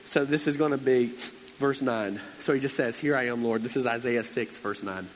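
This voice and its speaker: A man's voice: medium pitch, normal speed, slight background noise, poor audio. A man preaching a conversational sermon, telling stories in a chatty, playful way with lots of fillers and acted-out quotes.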